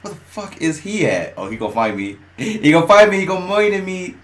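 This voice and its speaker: Excitable young-sounding gamer man, shouting. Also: high-pitched, a little fast. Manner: excitable, trash-talking, laughs often, yells at opponents. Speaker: gamer streamer. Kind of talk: gameplay commentary.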